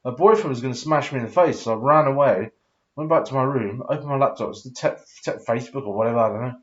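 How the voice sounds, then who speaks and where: Man in his thirties, tipsy, rambling, sweary, mid-pitched voice, muffled lo-fi audio. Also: quick pace. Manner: rambling, hesitant with many fillers, sweary. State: tipsy after drinking. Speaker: vlogger. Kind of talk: rambling personal storytelling.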